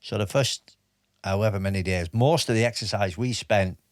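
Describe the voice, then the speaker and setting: Recorded in a clean studio with no echo, a man in his fifties with a voice on the low side talks as a podcast guest. An army veteran, he tells stories in a casual interview, his speech halting and peppered with restarts and fillers.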